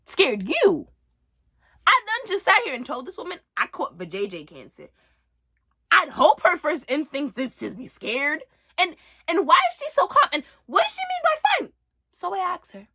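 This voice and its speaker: A young woman comedian telling a stand-up story in an animated, exaggerated, breezy way. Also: extremely high pitch, moderate pace.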